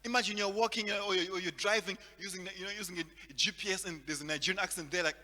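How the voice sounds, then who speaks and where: A man performs stand-up comedy in a high, bright, very lively voice, stumbling over repeated words and chuckling at his jokes. His voice rings with a long reverb over a faint hum. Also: very fast, hardly any pauses. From Zimbabwe. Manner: animated, repeats words, laughs at own jokes.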